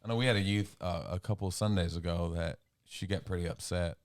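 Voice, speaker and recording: A man's voice: low-pitched, fairly even intonation, fast talker. A man co-hosting a casual podcast chat, easygoing and full of fillers, acting out quoted dialogue. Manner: easygoing, filler-heavy, acts out quoted talk. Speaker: podcast co-host, youth leader.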